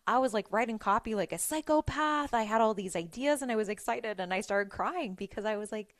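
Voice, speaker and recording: A woman hosting a podcast, telling a personal story in a chatty, animated way with lots of "like"s. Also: mid-range voice, brisk, few pauses, no echo, clean studio sound. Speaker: podcast host. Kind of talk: casual solo storytelling.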